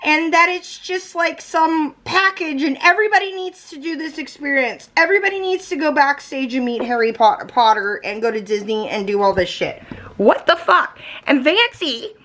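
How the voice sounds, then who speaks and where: A woman's voice: high voice, lively intonation, moderate pace, pushed and bright. A woman vlogging casually at home, reacting bluntly and swearing freely as she talks to her viewers. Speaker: lifestyle vlogger.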